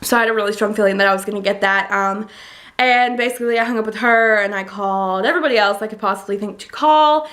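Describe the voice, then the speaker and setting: A woman's voice: medium pitch, quick pace. A young woman in college telling a personal story in a casual, chatty vlog, full of fillers. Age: young adult. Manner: chatty, lots of likes and ums, gets excited retelling. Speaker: college student vlogger.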